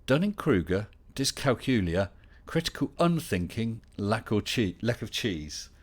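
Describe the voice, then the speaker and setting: A man's voice: fairly low pitch, sing-song, a little slow. A middle-aged man hosting a casual live Q&A stream, chatting and reading out viewer questions with dry humor.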